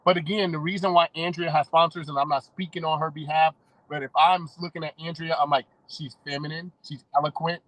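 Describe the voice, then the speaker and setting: A man's voice: on the high side, steady tone, fast talker, fairly bright tone, low-quality recording. A man co-hosting a podcast in casual chat, rambling and enthusiastic. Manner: rambling, enthusiastic, laughs often. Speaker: podcast co-host.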